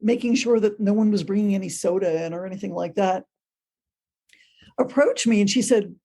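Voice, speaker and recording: A woman on a podcast recounts a ghost story in a relaxed, conversational way. Her tone is mellow and warm, and she brings the tale to life by acting out the people in it. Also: medium pitch, normal speed. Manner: animated, acts out quoted voices. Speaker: podcast guest, ghost tour guide. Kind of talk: casual storytelling.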